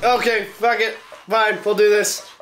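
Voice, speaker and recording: A fairly high-voiced man plays a game and chats in a goofy, offhand way. Game music sits loudly under his voice. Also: flat delivery, unhurried. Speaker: player. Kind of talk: casual gaming chat.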